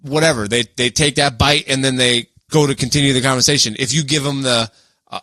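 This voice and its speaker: A man's voice: mid-range voice, brisk, no room sound. A man co-hosting a casual podcast chat, telling stories animatedly and acting out the people he quotes. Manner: animated storyteller who acts out quoted people. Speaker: podcast co-host.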